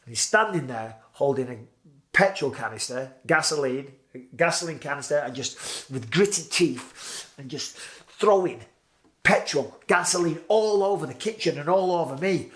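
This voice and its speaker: A man's voice: on the high side, expressive, normal speed, fairly bright tone. A British man in his forties telling a vivid personal story in a casual way, acting out his own past lines. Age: 40s. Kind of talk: casual spoken anecdote.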